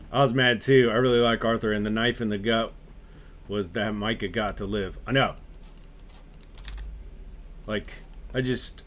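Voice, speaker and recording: Male game streamer, low-pitched, animated casual rant to his viewers, swears freely. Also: unhurried, pauses often. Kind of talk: casual chat with live viewers.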